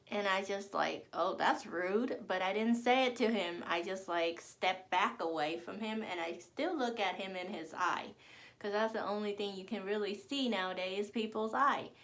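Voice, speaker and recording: A woman from Arkansas, telling a story to her vlog audience in a blunt, profane, casual way. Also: mid-range voice. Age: adult. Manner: blunt and profane, animated when quoting others. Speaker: vlogger.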